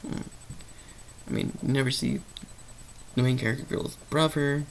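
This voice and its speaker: A vocal-fry-heavy voice at mid pitch talks through a movie off the top of the head. The speech wanders in stream-of-consciousness fashion, with restarts and fillers. A faint hum of ambience sits behind the voice. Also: steady tone, moderate pace, low-quality recording. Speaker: movie reviewer. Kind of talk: unscripted rambling movie review.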